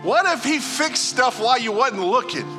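A man preaching a sermon as pastor, piling up rhetorical questions and moving between loud exhortation and hushed talk. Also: very high voice, animated, moderate pace, music in the background. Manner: rhetorical, building "what if" questions.

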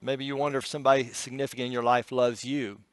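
A man preaching a sermon, telling an emotional story and shifting between hushed passages and loud, pleading ones. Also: mid-range voice, level tone, quick pace, no echo, studio quality.

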